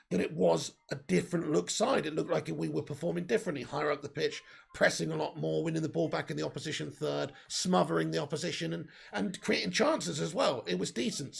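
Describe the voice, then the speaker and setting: A man with a sore throat, hosting a live football watch-along and reading out viewer comments in an excitable way. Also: fairly high pitch, gravelly, breathy edge. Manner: excitable, swears, bursts into cheers.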